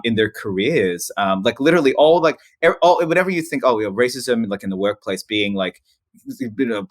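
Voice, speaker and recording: Animated storytelling man, dry close sound. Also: medium pitch, dry recording. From Philippines. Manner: animated, laughs often, many restarts. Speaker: podcast guest, author. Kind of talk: casual storytelling interview.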